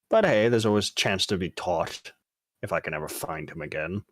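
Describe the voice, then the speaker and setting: A man's voice: deep voice, brisk, a bit bright, no echo, studio quality. A man in a tabletop game talking in character, casual and curious, asking questions. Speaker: player. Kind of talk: in-character tabletop role-play.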